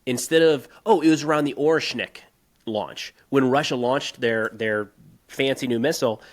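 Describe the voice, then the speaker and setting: A man co-hosting a podcast, talking through politics casually and turning animated and emphatic as he rants. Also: mid-range voice, moderate pace. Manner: animated, rising to emphatic outbursts when ranting; conversational with frequent restarts. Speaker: podcast co-host.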